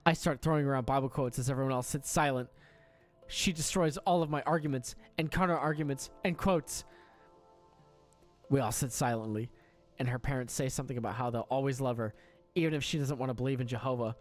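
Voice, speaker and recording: Man reading a story, deadpan. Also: mid-range voice, a little fast, faint music behind. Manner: deadpan, breaks into laughter. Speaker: story reader. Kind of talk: reading an online story aloud.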